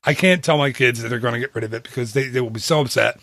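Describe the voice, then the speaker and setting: A man hosting a casual podcast chat into a studio microphone, animated and laughing often. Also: medium pitch, rapid-fire, no room sound. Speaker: podcast host.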